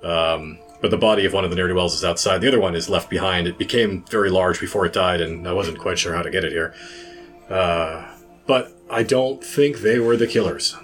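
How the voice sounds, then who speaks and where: A man playing in a tabletop role-play game, measured and dry, speaking in and out of character. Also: deep voice, a bit bright, soft background music. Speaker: player.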